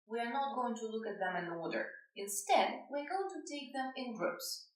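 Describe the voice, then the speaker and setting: A woman teaching in English with a Russian accent, her pitch rising and falling a lot as she explains. She is recorded from a distance in a very echoey room. Her delivery is clear and careful. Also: sing-song, moderate pace. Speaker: language teacher. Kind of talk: scripted lesson explanation.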